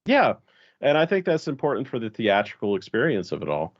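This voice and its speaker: A man's voice: medium pitch, big pitch swings, fairly quick, dry recording, highs cut off. A man from an American region with many Spanish speakers, chatting casually as a podcast guest and rambling with restarts and fillers. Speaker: LARP designer and organizer, podcast guest.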